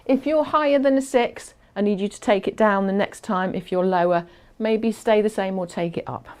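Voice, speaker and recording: A woman's voice: medium pitch, moderate pace, hardly any pauses, darkish tone. A woman instructing a fitness class, chatty and encouraging, counting down aloud and a little out of breath as she exercises along.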